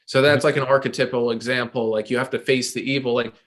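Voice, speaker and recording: A man's voice: medium pitch, flat delivery, quick pace, fairly bright tone. A man co-hosting a podcast, explaining an idea in a searching way with many fillers and restarts. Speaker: podcast co-host. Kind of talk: casual chat.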